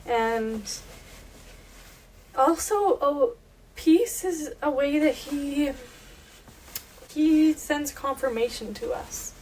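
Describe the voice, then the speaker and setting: Young woman co-host, relaxed, slightly distant. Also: high-pitched, drawn-out words, pauses often. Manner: earnest, relaxed, reads scripture aloud. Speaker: podcast co-host. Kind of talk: casual faith chat and Bible reading. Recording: voice a bit distant from mic, faint background noise.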